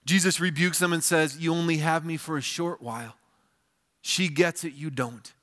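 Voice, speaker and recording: A man's voice: fairly even intonation, normal speed. A man preaching a sermon in a church, explaining scripture in plain, conversational terms. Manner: prays in a softer, lower voice. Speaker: pastor.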